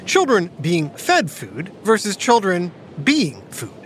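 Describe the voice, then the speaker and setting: A woman hosting a playful kids' educational podcast, talking like an animated storyteller. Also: on the low side, slow pace, slight background noise. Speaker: host.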